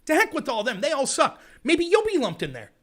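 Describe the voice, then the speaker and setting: A man hosting a political commentary livestream, ranting in an animated, sarcastic way. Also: very high voice, a little fast. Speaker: host.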